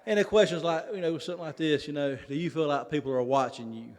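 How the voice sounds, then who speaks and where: A man's voice: on the high side, fast talker, a little mellow. A man with a Mississippi Southern accent telling a folksy, self-mocking story to a recovery convention and acting out the people he quotes. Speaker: recovery meeting speaker. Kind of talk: humorous personal story told to a convention audience. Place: large convention hall. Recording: long reverb of a convention hall.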